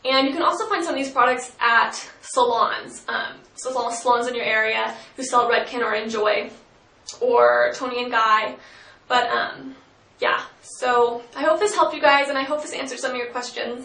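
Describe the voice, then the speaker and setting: A woman's voice: on the high side, fairly even intonation, moderate pace, gravelly, pushed and bright. A young woman vlogger giving casual hair-care tips, chatty and full of "um" and "like". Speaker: beauty vlogger. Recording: roomy sound from a distant mic.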